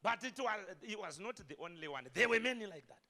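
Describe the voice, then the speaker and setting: In a story-driven sermon, a pastor's high, bright voice swings widely and erupts into shouts. His forceful delivery moves at a brisk clip, animated and punctuated by loud peaks.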